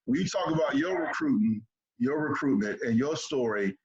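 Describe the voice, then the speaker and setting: A man hosting a casual interview, reminiscing with his guests in a relaxed way and asking them about their past. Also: mid-range voice, moderate pace. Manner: relaxed, reminiscing, frequent fillers. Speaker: host. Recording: dull lo-fi sound.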